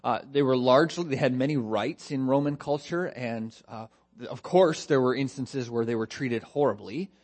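A man's voice: mid-range voice, normal speed, a little mellow. A man preaching an expository sermon, posing rhetorical questions in earnest, stressing key phrases and dropping his voice on grave points. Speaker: pastor.

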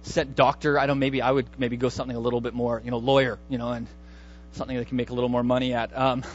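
A man's voice: medium pitch, level tone, quick pace, highs cut off. A man preaching a sermon in a conversational, emphatic way, often restarting his words. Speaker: pastor.

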